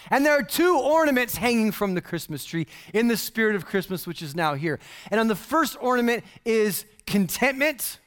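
A man pastor giving a casual, humorous sermon, full of playful slang and animated asides. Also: sits high.

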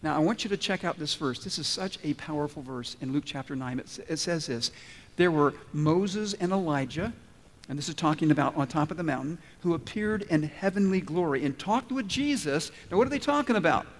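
A man's voice: fairly high pitch, lively intonation, fairly quick. A man preaching a sermon as pastor, telling stories with acted-out quotes and asking emphatic questions. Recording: long hall reverb.

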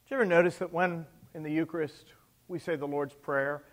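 Preaching with emphasis, this middle-aged pastor poses rhetorical questions and moves between loud and soft passages. His pitch sits on the high side, his tone stays steady, and his pace is brisk.

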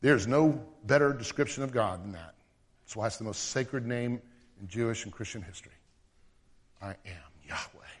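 A male pastor preaching a sermon in an animated way, acting out the voices of the people he quotes. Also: mid-range voice, brisk, long reverb tail.

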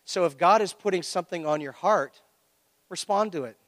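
A pastor preaching a sermon, telling a personal story with lively acted-out reactions. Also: male voice, high-pitched, moderate pace, no echo, long reverb tail. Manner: animated storytelling, acting out his own reactions. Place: church.

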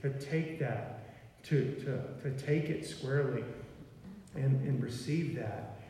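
Preacher in an echoey hall. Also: male voice, medium pitch, takes it slowly, dark tone, a little hiss or hum. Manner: conversational, folksy with fillers like "okay" and "y'all". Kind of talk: sermon. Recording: far from mic in an echoey hall.

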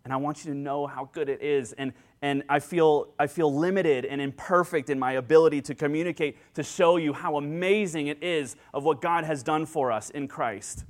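A man preaching a sermon as pastor, earnest and excitable, acting out joyful quotes, speaking into a handheld microphone. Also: fairly high pitch, normal speed, hardly any pauses. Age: adult with children.

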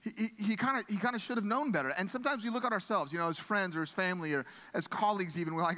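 A man's voice: sits high, racing, few pauses, pushed and bright, big-room sound. A pastor preaching a sermon in an earnest, conversational way, often restarting his phrases.

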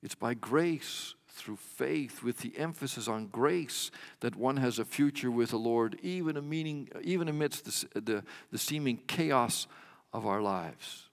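A man delivering a sermon at an unhurried, deliberate pace, his voice in the middle range. He swells to emphatic peaks and lets line endings fall away. The sound carries a long reverb, as in a large hall. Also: mid-range voice. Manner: measured preaching with emphatic swells and dropped endings. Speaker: pastor.

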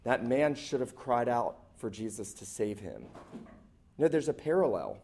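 A man's voice: mid-range voice, big pitch swings, normal speed, darkish tone, slight background noise. A man preaching a sermon to a church congregation as the pastor, earnest and emphatic, stacking up short repeated phrases.

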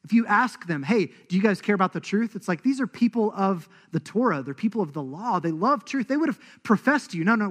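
Male pastor with a slightly high voice who preaches animatedly and acts out quotes. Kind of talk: sermon.

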